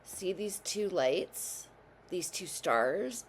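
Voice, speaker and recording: A woman's voice: on the low side, lively intonation, drawn-out words, slight background noise. A woman hosting her own tarot channel, talking to viewers in a meandering, self-correcting way while she has the hiccups. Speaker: tarot reader and channel host. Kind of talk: casual tarot reading to camera.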